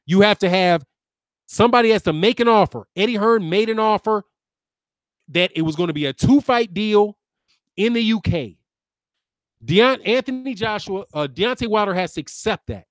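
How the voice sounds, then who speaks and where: On his boxing channel, a man in his fifties, a lawyer, fires back at viewers in a ranting commentary full of sarcastic, combative name-calling. His voice is high-pitched, and the studio-quality recording is dry.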